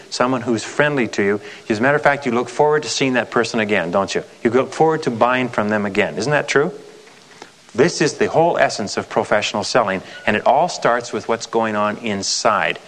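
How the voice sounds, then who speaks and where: A man's voice: medium pitch, brisk, fairly bright tone. A man leading a motivational sales seminar as a sales trainer, emphatic and repetitive, often asking the audience rhetorical questions.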